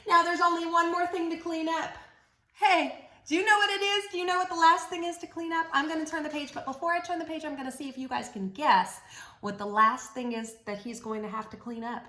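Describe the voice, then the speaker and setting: A woman's voice: very high voice, fairly even intonation, brisk, pushed and bright, echoey room. A woman reading a picture book aloud to young children in a playful, sing-song storytime voice, leading them in call-and-response chants. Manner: playful, encouraging teacher voice.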